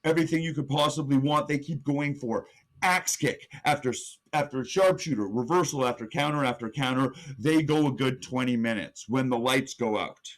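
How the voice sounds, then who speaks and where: A man's voice: medium pitch, normal speed. A young man co-hosting a podcast, telling an imagined match blow by blow and building hype with sudden rises in his voice. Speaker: podcast co-host. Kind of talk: animated play-by-play storytelling.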